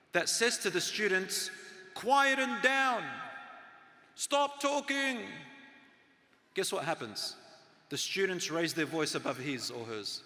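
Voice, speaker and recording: A middle-aged man giving an earnest sermon, moving from loud emphasis to soft, hushed tones. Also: on the high side, in a large hall. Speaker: Islamic lecturer.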